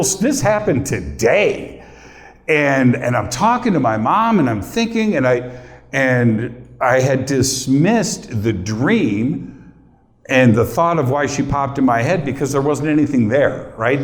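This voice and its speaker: A middle-aged male host talking casually and personally to a live audience, choked up and near tears, chatting with the crowd. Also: mid-range voice. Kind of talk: casual emotional talk to a room.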